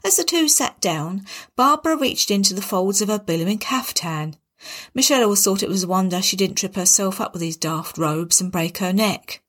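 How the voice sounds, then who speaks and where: A woman's voice: medium pitch, lively intonation, normal speed, a bit bright. A woman narrating a darkly comic story in a wry, dramatic way.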